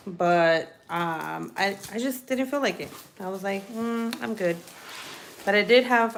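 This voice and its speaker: A woman's voice: lowish voice, fairly bright tone, echoey room, slight background noise. A woman chatting casually with viewers on a crafting livestream, profane and rambling, often breaking off to scold her cat. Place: indoor room at her craft desk.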